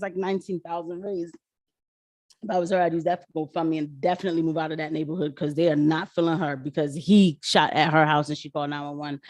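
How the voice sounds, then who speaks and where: A woman commenting on a live stream in casual slang, animated and laughing often. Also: fairly low pitch, dry recording, studio quality.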